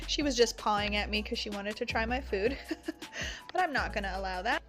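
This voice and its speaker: A woman's voice: medium pitch, expressive, moderate pace, fairly bright tone, soft background music. A woman vlogging casually at home, chatting cheerfully while she cooks. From Canada. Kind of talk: casual chat.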